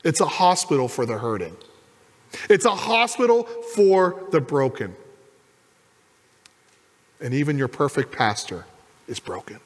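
A pastor preaches an animated sermon in a church sanctuary, acting out the voices of the people in his story. His mid-range voice trails off into a long reverb tail.

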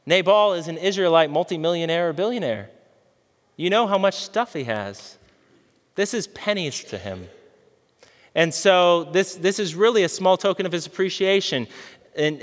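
A man's voice: a little high, sing-song, normal speed, long pauses, a bit bright, in a large hall. A man preaching a sermon as a pastor, talking conversationally and asking his listeners questions. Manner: conversational, asks the audience questions.

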